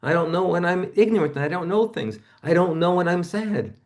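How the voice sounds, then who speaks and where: A man's voice: lively intonation, a little fast. A man in his seventies, a guest in an interview, recounting personal experiences in a reflective, conversational way. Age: 70s. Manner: personal storytelling, acts out remembered voices with sudden jumps in pitch.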